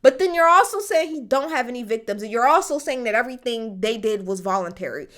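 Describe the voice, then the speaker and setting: A young woman with a high-leaning, bright voice delivers casual commentary. She is blunt and exasperated, swearing freely as her pitch swings widely. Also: lively intonation, fast, hardly any pauses. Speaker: commentator reacting to a court case.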